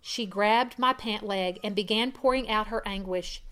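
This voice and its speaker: A woman reading a first-person testimony aloud in an earnest way, growing louder at dramatic moments. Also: a little high, normal speed, hardly any pauses. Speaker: reader.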